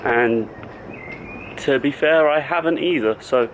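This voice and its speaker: A man's voice: mid-range voice, unhurried, slight background noise, poor audio. A man who coaches fitness, talking casually to the camera in a vlog and explaining things in loose, stop-start phrases.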